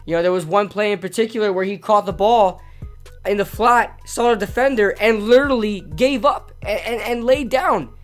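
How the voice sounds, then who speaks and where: A man with a hoarse, strained voice, ranting casually about his football team as a sports vlogger, often repeating himself as he gets fired up. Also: high-pitched, moderate pace, soft background music. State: hoarse from yelling at a game.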